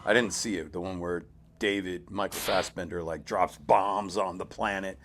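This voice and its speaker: A man co-hosting a casual film review chat, animated and profane, acting out scenes as he retells them. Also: low-pitched, normal speed, noisy background. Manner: animated storyteller, swears freely, acts out scenes.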